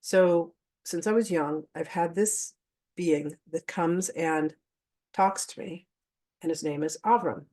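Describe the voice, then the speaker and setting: This woman's lowish, slightly mellow voice moves at a slow pace as she leads a spiritual masterclass. Talking straight to her audience in a casual, open way, she laughs a lot, drops offhand swears, and combines instruction with personal anecdotes.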